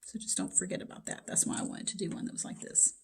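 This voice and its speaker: A woman teaching math in a casual recorded lecture, talking straight to her students in a chatty way from her home basement. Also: quick pace. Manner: chatty, talks to students directly.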